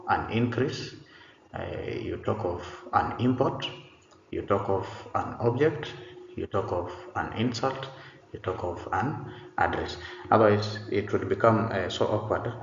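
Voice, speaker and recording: A man teaching an online English pronunciation lesson, explaining patiently and repeating himself, with many "uh" fillers. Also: low voice. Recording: echoey room, dull lo-fi sound, faint noise.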